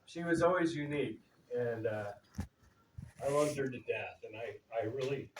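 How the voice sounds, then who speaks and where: A man's voice: medium pitch, expressive, moderate pace, background noise. A middle-aged man telling a loose, humorous story about his cousin at a memorial gathering, with plenty of fillers and quotes he acts out. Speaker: eulogy speaker, cousin of the deceased. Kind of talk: informal storytelling eulogy. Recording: distant, roomy, with audience murmur.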